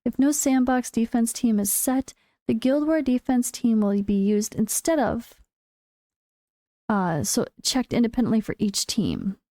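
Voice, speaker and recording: Woman gaming host, slightly hoarse, mellow tone, dry close sound, excitable patch-note commentary. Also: unhurried, no room sound. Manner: excitable, bursts into high exclamations. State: voice going hoarse. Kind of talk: reading patch notes with commentary.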